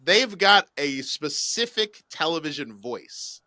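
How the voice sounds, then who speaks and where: A man co-hosting a podcast in a casual chat, joking and animated as he tells stories. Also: on the high side, slow, dry recording. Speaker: podcast co-host.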